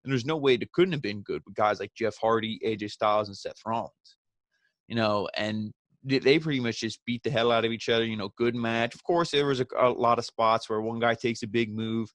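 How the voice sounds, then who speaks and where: A man talks through a wrestling episode in a loose, sarcastic rant and keeps slipping into mocking asides. His voice sits at an ordinary middle pitch. The sound is dry and close, with no room around it. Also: a bit bright, no room sound. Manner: sarcastic, ranting, mimics wrestlers in quick asides. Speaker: wrestling review host. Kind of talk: casual recap commentary.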